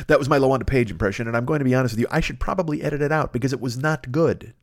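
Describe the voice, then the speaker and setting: A man's voice: medium pitch, racing, few pauses, no room sound, clean studio sound. A man hosting a solo podcast, rambling and swearing freely as he riffs in a casual monologue. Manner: profane, rambling, riffing with voiced asides. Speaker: podcast host.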